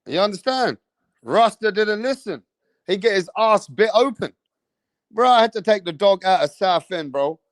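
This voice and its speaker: A man, hosting a live stream, telling rambling stories in an animated way, swearing often and tagging lines with "bruv". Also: high voice, normal speed, dry recording, studio quality. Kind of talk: rambling storytelling.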